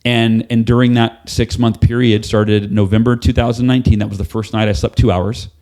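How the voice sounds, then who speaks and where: A middle-aged man talks as a podcast guest, in candid storytelling mode. His voice sits at a medium pitch and jumps sharply whenever he mimics someone else. He sounds lively and open. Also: fairly quick. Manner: animated, acts out quoted voices with big pitch jumps.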